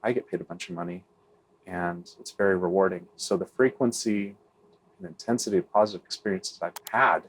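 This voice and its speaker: A man's voice: low voice, steady tone, fairly quick, husky. A middle-aged man, a real estate investor, answering interview questions candidly, often tagging on "right?" and restarting phrases.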